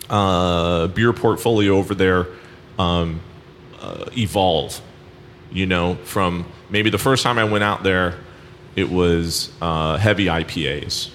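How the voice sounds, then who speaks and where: A man with a very deep voice hosts a casual podcast. He leads into questions loosely, with plenty of ums and you-knows. Faint noise runs under the recording. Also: fairly bright tone. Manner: conversational, many fillers, leading questions.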